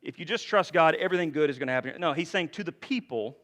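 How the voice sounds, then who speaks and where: A man preaching a sermon to his congregation in a conversational way, often pausing to ask rhetorical questions. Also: on the high side, lively intonation, fairly bright tone. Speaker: pastor. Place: church sanctuary. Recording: reverberant church sanctuary.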